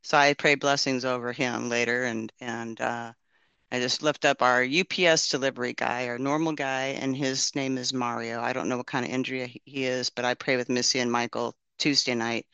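A man's voice: mid-range voice, little pitch movement, normal speed, vocal fry, sharp tone, smooth, no room sound, muffled recording. A man casually sharing a testimony and praying, telling his story in an earnest, rambling way with many restarts.

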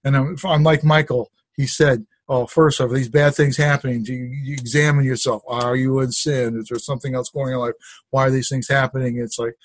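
A man's voice: mid-range voice, little pitch movement, fairly quick, no room sound. Middle-aged guy rambling through a faith story on a call, lots of restarts, dry close sound. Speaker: testimony sharer. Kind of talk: casual spoken testimony. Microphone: conference call.

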